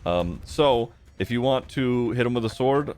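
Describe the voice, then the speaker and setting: A man's voice: mid-range voice, lively intonation, measured pace, a little mellow, clean tone, soft background music. A man narrating a tabletop game as game master, hesitant, with many fillers.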